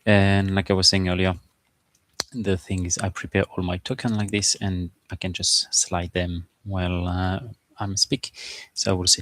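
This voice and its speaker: A man as game master, talking through his game prep in a halting, informal, think-aloud way. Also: low-pitched, level tone, fairly bright tone, dry recording. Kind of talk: casual game prep screen-share.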